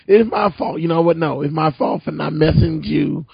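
Hoarse, gravelly man co-hosting. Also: on the high side, brisk, no room sound, dull audio. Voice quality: gravelly, raspy. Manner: joking banter. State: hoarse, scratchy voice. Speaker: podcast co-host. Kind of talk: casual movie review chat.

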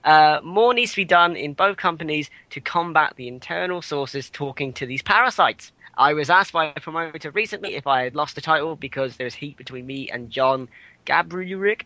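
A man's voice: a little high, brisk, hardly any pauses, sharp tone, no room sound, low-quality recording. A man co-hosting a casual podcast, reading out news items with stumbles, fillers and asides.

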